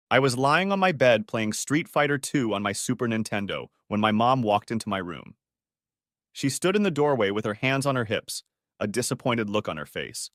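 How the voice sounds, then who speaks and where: A man narrating a first-person drama audiobook with lively, expressive pitch. His telling is dramatic and storyteller-like. The recording is dry and close to the mic. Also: normal speed, dry recording.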